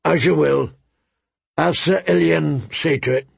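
A man doing a gruff, irritable king. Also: on the high side, measured pace, no echo, pitched above the performer's own voice, full character voice. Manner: blustering, grumbling.

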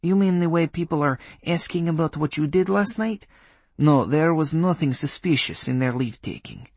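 A man's voice: fairly high pitch, normal speed, a little mellow, husky, no room sound, pitched above the performer's own voice. A man voicing a stern, commanding woman witch leader with a Polish accent, speaking in a clipped, formal, scolding way.

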